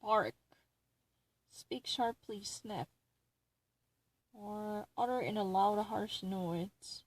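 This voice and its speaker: A woman's voice: medium pitch, extremely slow, poor audio. A woman reading dictionary definitions aloud and arguing over them with herself, grumbling and indignant.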